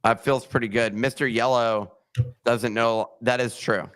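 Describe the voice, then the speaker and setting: A man co-hosting a casual podcast chat, talking in an animated way and walking listeners through steps. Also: mid-range voice, measured pace. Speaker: podcast co-host.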